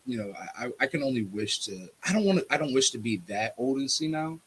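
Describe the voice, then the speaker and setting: A husky-voiced man with a bright, lively delivery keeps the chat going with short reactions and asides. His voice carries some breath in it. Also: medium pitch. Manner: quick reactive interjections, laughs along. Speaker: podcast co-host. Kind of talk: casual chat.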